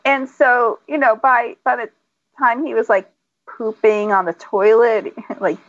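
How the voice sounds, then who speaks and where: A woman's voice: a little high, unhurried, no echo, dull audio. A middle-aged woman, a guest author, chatting casually and telling stories with frequent laughter. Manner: laughs often, animated storytelling. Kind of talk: casual chat.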